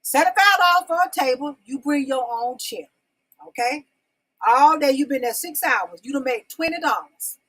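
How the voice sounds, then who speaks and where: A high-pitched woman speaks at a moderate pace with a fairly bright tone, and the audio is poor. She's hosting her own live-stream talk show, chatting casually with viewers, repeating her questions and nudging them to respond in the comments. Folksy in manner, she addresses them as y'all and babies.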